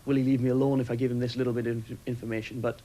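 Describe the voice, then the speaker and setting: A man recounting events for a documentary interview, talking quickly in a steady, matter-of-fact way. His pitch hardly moves, so the delivery stays level. There is a faint hiss on the recording. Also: poor audio. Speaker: former RAF aircrew interviewee.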